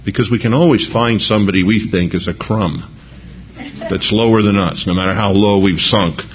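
A man's voice: lowish voice, normal speed, a little hiss or hum. Chatty male preacher, dull lo-fi recording. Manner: chatty, repeats "you know what I mean", voices quoted speakers. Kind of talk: conversational sermon to a live congregation.

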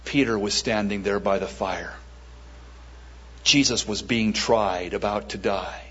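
Husky guy preaching slow at church, lots of pauses and repeats, kinda muffled lo-fi audio. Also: lowish voice, a bit bright. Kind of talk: sermon with an altar call. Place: church service.

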